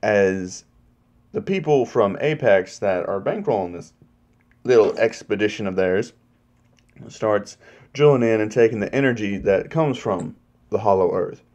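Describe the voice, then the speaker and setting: A man's voice: fairly low pitch, measured pace, long pauses, dull audio. A man casually retelling a movie's plot in a spoiler review, swearing freely and acting out scenes. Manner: profane, animated plot retelling.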